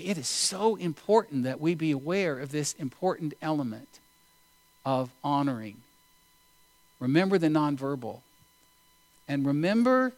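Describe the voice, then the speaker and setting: A male preacher giving a sermon, telling a story in an unhurried, deliberate way with pauses. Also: a little high, no echo.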